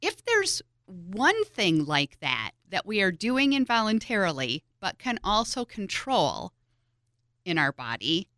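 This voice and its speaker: A woman's voice: medium pitch, slow, no echo, studio quality. A woman co-hosting a podcast in casual chat, reflecting aloud and closing the show. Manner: lively, reflective, friendly sign-offs. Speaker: podcast co-host.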